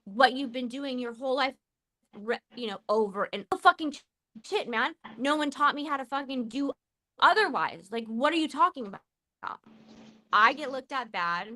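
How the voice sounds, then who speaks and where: A woman in her forties speaks slowly and heatedly on a podcast. Her voice is bright and a little high, and she swears freely as she breaks off and restarts her thoughts. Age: 40s. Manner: impassioned, swearing, halting restarts. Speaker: podcast host. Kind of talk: emotional casual chat.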